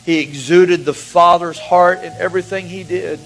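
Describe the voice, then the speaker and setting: A man preaching a sermon, telling a personal story with emotion, his voice dropping to a hush and rising again. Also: high-pitched, fairly even intonation, moderate pace, gravelly, poor audio. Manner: emotional storytelling, swings from hushed to raised.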